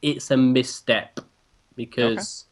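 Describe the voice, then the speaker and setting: A man's voice: mid-range voice, steady tone, slow pace. A man with an English accent co-hosting a gaming podcast, giving his earnest opinion on a game. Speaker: podcast co-host. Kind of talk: casual podcast chat.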